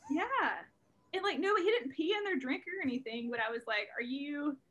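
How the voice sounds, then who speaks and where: Young woman, comedian, swearing freely, laughing through stories, video call, slightly high voice. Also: fairly quick, highs cut off. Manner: animated, profane, laughing storyteller. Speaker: comedian guest. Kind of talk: casual storytelling interview.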